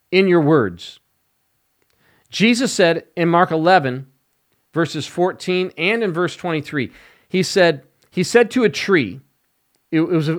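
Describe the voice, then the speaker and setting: A male evangelist preaches on his podcast at an unhurried, deliberate pace. His voice sits a little high for a man, and he leans hard on key words to drive each point home. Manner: slow, emphatic preaching with rising stress on key words. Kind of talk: podcast sermon.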